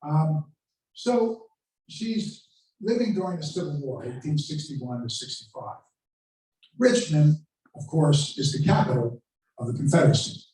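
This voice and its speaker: A man's voice: a little high, a little slow, darkish tone. A man giving a history lecture to a live audience, telling stories and acting out famous speeches with dramatic quotes. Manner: storytelling, dramatic quoting of speeches. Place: lecture room at a country club. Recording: very echoey room, voice from far off.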